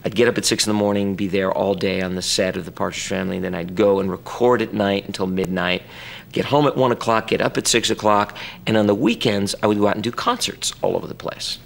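A man telling emphatic, animated stories in an archival interview. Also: on the low side, fast talker, creaky. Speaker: pop singer interviewed. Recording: noisy archival interview audio.

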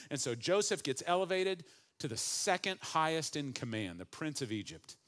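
A middle-aged man, a pastor preaching a sermon with animated swings from hushed to loud. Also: mid-range voice.

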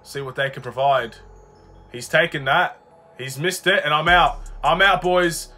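A young man from Australia narrates his basketball game as he plays, excitable and quick to flip from quiet muttering to outraged yelling. His voice is bright and forceful and sits a little high, and faint music plays behind him. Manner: excitable, swings from muttering to frustrated shouting. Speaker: gaming YouTuber. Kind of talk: live gameplay commentary.

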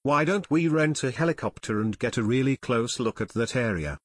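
A man's voice: mid-range voice, lively intonation, moderate pace, slightly rough, dry recording, clean studio sound. A man voicing an eager teenage boy detective.

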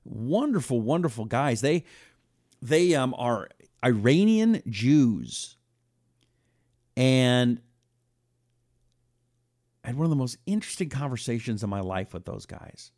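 A man's voice: mid-range voice, slow pace, long pauses, dry recording, clean studio sound. A man hosting a talk radio show, telling stories and acting out quotes. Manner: animated storytelling, acting out quotes.

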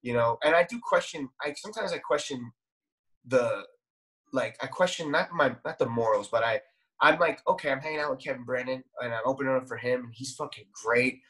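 A young man talks as a guest on a casual podcast, circling his point and restarting his sentences often. He swears freely and casually. His voice sits at a middle pitch. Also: a little fast, a bit bright.

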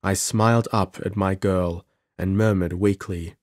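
A man reading an audiobook as narrator in a measured, steady scripted narration, recorded on a close mic. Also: deep voice, no echo.

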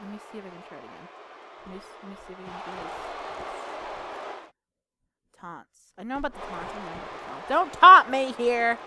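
A woman commentating her own wrestling video game match, excitable, swearing and shouting at the screen. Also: on the low side, quick pace, pauses often. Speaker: gaming channel host. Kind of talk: let's play commentary. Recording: game crowd and arena noise behind.

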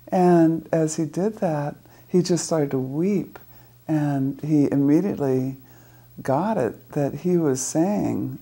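An older woman therapist explaining ideas in an interview, thoughtful and measured, often restarting her phrases. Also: sits low, warm tone, breathy edge. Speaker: psychotherapist.

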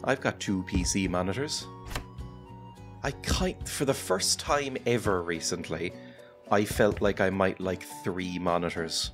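Male streamer, low-pitched, rambling and self-mocking, game music clearly behind him. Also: a little slow, fairly bright tone. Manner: rambling, self-deprecating, chatty with frequent laughs. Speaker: gaming channel host. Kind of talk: casual let's-play commentary. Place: home streaming setup. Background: game music playing clearly.

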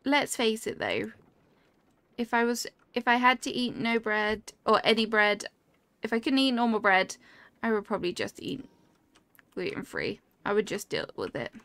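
A woman's voice: medium pitch, animated, normal speed, a bit bright, no room sound. A young woman streaming a cozy game, chatting casually and reacting aloud to what happens on screen while answering her chat.

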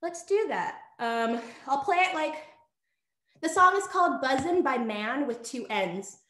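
Breathless high-voiced young woman teaching dance. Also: lively intonation, unhurried, sharp tone, slight background noise. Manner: chatty and upbeat, full of fillers like "um" and "like". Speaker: dance instructor. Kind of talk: casual virtual dance workshop instruction. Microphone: video call. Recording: echoey room.

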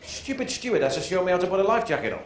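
Male stand-up comic, chatty observational patter, fast, animated, echoey live recording, loud noise. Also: sits high. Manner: chatty, asks the audience questions. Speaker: stand-up comedian. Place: stage before a live audience. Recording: roomy live-show audio with loud background noise.

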